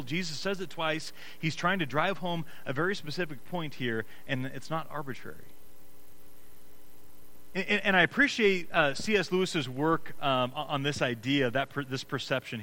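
A man preaches as pastor with earnest emphasis, alternating quiet, low passages with loud, urgent ones and frequently restarting. The recording quality is low.

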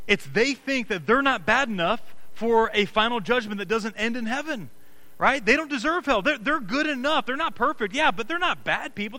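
A man preaching a sermon as pastor, earnest and emphatic, moving between hushed low passages and raised, pressing ones, with frequent restarts. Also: rough recording.

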